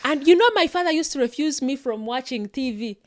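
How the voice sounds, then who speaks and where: A woman co-hosting a casual chat, talking in a lively way, laughing often and repeating words for emphasis. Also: sits high, a little fast. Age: adult parent. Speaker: co-host.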